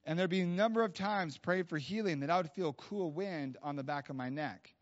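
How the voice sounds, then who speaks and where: A man's voice: on the high side, fairly quick. Guy preaching at church, casual storytelling, lots of "like" and "you know", kinda muffled recording. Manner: casual, animated storytelling with many fillers. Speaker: guest preacher. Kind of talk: storytelling sermon. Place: church hall. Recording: dull lo-fi sound.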